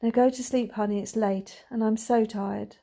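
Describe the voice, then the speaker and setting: A woman reading as a soft, tired mother. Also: a little high, steady tone, normal speed, gravelly. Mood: hushed tender. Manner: soft, hushed and gentle. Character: tender, tired mother soothing her son at night.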